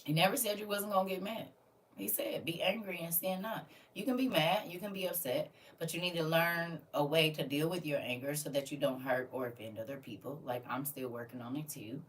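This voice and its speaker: Her voice low and brisk, a woman recorded from a distance runs a casual livestream class. She teases and lectures her chat with sass and loud scolding outbursts.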